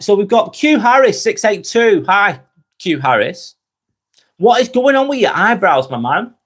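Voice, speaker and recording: A man's voice: fairly high pitch, a bit bright, husky. A young man hosting a casual live stream, reading viewers' comments aloud and answering them frankly and chattily.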